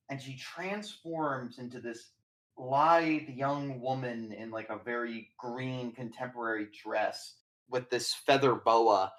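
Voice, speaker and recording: A man running a tabletop game as game master, narrating in a casual, rambling way with swearing. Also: medium pitch.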